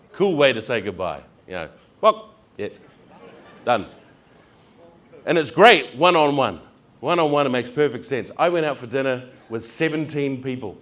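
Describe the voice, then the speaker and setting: A heavyset man doing stand-up comedy, telling travel stories, acting out voices and laughing along. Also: medium pitch.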